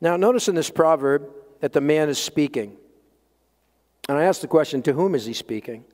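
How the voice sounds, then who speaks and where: A man preaching a sermon as pastor, emphatic, swinging between loud peaks and quiet low lines. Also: animated, normal speed. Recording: long hall reverb.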